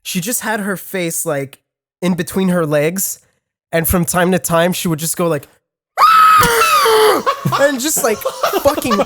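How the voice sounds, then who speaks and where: A man's voice: sits high, steady tone, shouting, background noise. A man telling a story on a casual podcast, stumbling over restarts and swearing often. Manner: halting, with many restarts and heavy swearing. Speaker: podcast co-host.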